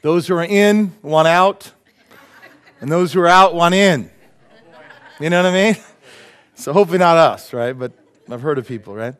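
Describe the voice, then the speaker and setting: A man's voice: fairly high pitch, moderate pace, long pauses, a bit bright, clear, resonant tone. Joking, laughing male pastor preaching. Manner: joking, laughs at his own jokes. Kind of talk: sermon. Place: church sanctuary.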